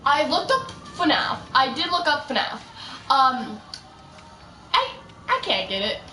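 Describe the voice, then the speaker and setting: A young woman rambling through casual commentary while she plays a game, chatty and full of quick asides. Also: high-pitched, very animated, pushed and bright, recorded from a distance. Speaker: gaming streamer. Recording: roomy echo, voice set back from mic, faint music.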